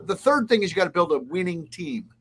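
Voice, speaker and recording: A man's voice: high-pitched, sing-song, brisk, a bit bright, husky. A man, a restaurant consultant, giving blunt, emphatic advice as a guest in a casual interview. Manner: blunt, emphatic, lists points.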